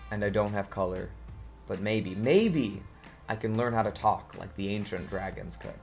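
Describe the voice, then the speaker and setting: A man voicing a timid, hopeful male farm dog that talks softly and hesitantly, doubting himself, in an improvised bedtime story. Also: on the low side, normal speed, creaky, faint music behind, pitched below the performer's own voice. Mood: wistful. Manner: soft, hesitant, self-doubting.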